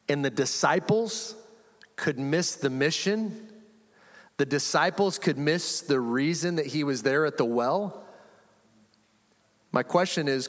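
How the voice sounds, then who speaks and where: A male pastor delivers an animated, conversational sermon, slipping into little acted-out quotes and chuckling as he goes. His voice sits high for a man. The sound carries the long reverb of a large church sanctuary.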